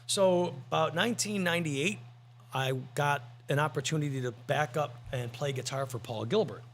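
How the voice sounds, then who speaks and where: A man's voice: a little high, normal speed, slight background noise. A man co-hosting a podcast, telling rambling, joking stories in casual chat. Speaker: podcast co-host.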